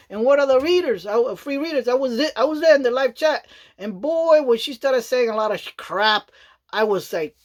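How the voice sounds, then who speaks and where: A woman vlogging in a loose, rambling chat, often checking in with the listener and breaking into laughs. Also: on the high side. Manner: rambling, chatty, repeats "you know what I mean", laughs often. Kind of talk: casual rambling monologue.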